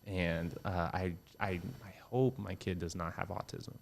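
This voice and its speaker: A young man, a comedian guest on a podcast, talking casually and swearing often, lively when he quotes people. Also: low-pitched, a little slow, creaky. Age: young adult. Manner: relaxed, swears a lot, animated quoting voices.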